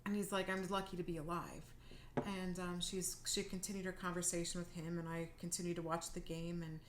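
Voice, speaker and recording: A woman's voice: on the low side, monotone, fairly quick, roomy sound, a little hiss or hum. A woman from Wisconsin, co-hosting a talk show, telling a personal story in a chatty way with lots of ums. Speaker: co-host. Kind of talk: casual storytelling.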